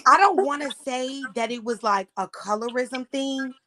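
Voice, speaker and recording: A woman hosting a casual chat, telling an audition story in a profane, animated way. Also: sits high, a little slow, a little hiss or hum. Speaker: vlog host recounting an audition.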